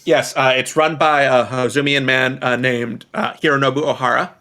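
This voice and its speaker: A man's voice: medium pitch, fairly even intonation, moderate pace, sharp tone. A man running a tabletop game as game master, describing scenes in a loose, chatty way. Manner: loose and chatty, many fillers.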